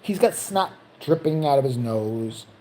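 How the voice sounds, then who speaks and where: A woman vlogger telling a story in a casual, profane, animated way, jumping into other people's voices. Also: extremely low pitch, measured pace, a little hiss or hum.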